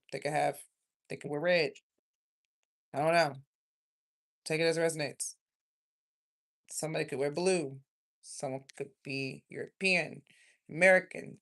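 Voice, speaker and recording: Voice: medium pitch, gravelly. A tarot reader from South Carolina, giving a rambling, emotional, chatty card reading in a casual livestream.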